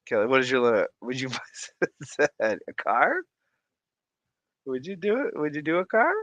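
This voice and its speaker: Excitable male streamer reading chat; bright, dry close sound. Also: medium pitch, a little slow, dry recording, lo-fi sound. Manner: excitable, reacts aloud to viewer comments. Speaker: livestream host. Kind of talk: casual livestream chat reading comments.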